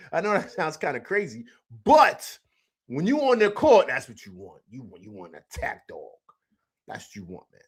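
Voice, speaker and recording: A man's voice: a little high, huge pitch swings, moderate pace, husky. A man hosting a live stream, chatting casually in slang, repeating himself and answering viewers from the chat. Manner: loose slangy talk, repeats himself, reads chat aloud.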